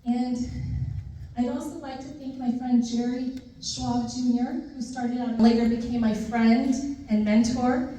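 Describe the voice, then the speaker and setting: A woman in her thirties gives a heartfelt speech in a large indoor hall, heard from a distant microphone with heavy, echoing reverb. Her voice sits a little high but sounds mellow, and she moves between thanking people by name and telling light anecdotes. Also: steady tone, unhurried, a little hiss or hum. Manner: heartfelt, lists names, tells light funny stories. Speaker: newly sworn judge giving a thank-you speech. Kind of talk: formal ceremony speech with personal anecdotes. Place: large indoor ceremony room.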